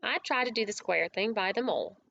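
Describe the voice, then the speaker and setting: A woman's voice: mid-range voice, lively intonation, brisk, creaky, a bit bright, highs cut off, a little hiss or hum. Woman doing a humble working-class cabman. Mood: earnest. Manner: humble, deferential, rustic working-class speech. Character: humble male London cab driver, countryman at heart.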